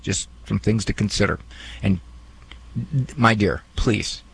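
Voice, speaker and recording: A man's voice: on the low side, slow, creaky, a bit bright, slightly rough. A man hosting a call-in advice show, talking fatherly and directly to a worried caller and acting out what people might say. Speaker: radio advice host.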